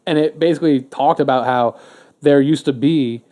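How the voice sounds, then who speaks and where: A man's voice: a little high, moderate pace, dark tone. A man co-hosting a podcast in casual chat, rambling and swearing with lots of fillers and restarts. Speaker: podcast co-host.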